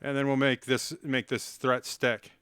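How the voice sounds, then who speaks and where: A man's voice: mid-range voice, flat delivery, unhurried, fairly bright tone, slight background noise. A man chatting on a live stream while playing chess, rambling and self-mocking and cracking silly jokes. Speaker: livestreamer.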